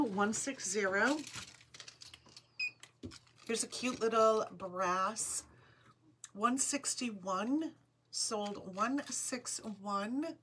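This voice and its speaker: Slow-talking Rhode Island woman. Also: a little high, a little hiss or hum. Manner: reads item numbers slowly and repeats them, greets viewers by name. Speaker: host of a live jewelry sale. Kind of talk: live-stream sales chat.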